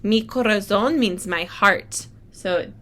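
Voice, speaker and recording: A woman's voice: medium pitch, takes it slowly, fairly bright tone. A woman teacher reading a picture book aloud to children, thinking aloud as she models how to work out unfamiliar words. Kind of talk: read-aloud lesson for children.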